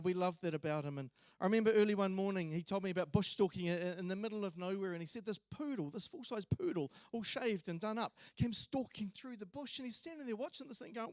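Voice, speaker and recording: A man's voice: high voice, fast, dry recording. A man giving a memorial eulogy in a church, telling stories in a conversational way with hesitations and restarts. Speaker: eulogy speaker.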